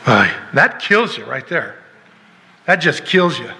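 A man's voice: mid-range voice, very animated, slow pace, bright, forceful tone, big-room sound, slight background noise. A man preaching a sermon as pastor, emphatic, firing rhetorical questions and acting out little dialogues.

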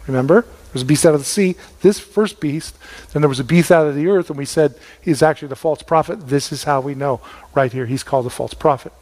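A man's voice: a little high, a little fast, darkish tone, long reverb tail. Folksy middle-aged man preaching a sermon. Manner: storytelling, folksy, repeats words for emphasis. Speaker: pastor.

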